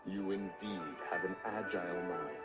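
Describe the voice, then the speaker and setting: A man's voice: low-pitched, unhurried, loud music behind the voice. A man voicing an ancient, solemn divine beast who speaks in an archaic, formal way, in game dialogue. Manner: archaic, formal, says "one".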